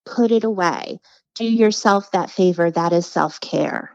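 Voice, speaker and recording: A woman's voice: on the low side, measured pace, gravelly, no room sound, muffled recording. A woman telling stories as a podcast guest in casual chat, acting out the voices of people she quotes. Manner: animated storyteller, acts out quoted voices.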